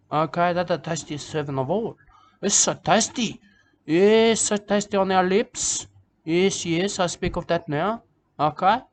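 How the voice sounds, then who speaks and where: A man's voice: a little high, a little hiss or hum, natural voice. A man voicing a rambling, self-important male bush poet in a comic monologue, repeating himself and tagging lines with "okay?" and "mate".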